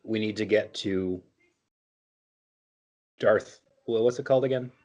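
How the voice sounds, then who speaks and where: Man playing blunt adventurer, low voice, hurried, fumbling. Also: a little mellow, natural voice. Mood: urgent.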